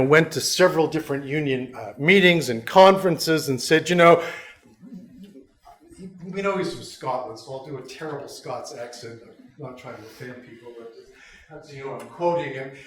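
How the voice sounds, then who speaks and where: Wry, fairly high-voiced male lecturer. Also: normal speed. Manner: conversational, wry and self-mocking asides. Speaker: history professor, guest lecturer. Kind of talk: lecture to a union school.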